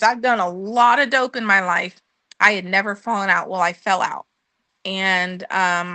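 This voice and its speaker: A woman's voice: medium pitch, sharp tone, dry recording. A woman telling her recovery testimony in a conversational way, earnest and full of ums, sometimes acting out what she said back then. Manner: earnest storytelling with frequent ums, acting out her own past words. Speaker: guest sharing her testimony.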